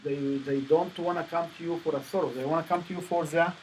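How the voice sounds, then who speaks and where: Man coaching with halting non-native phrasing. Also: on the high side, fairly even intonation, a little mellow, slight background noise, rough recording. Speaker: presentation coach. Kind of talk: coaching session.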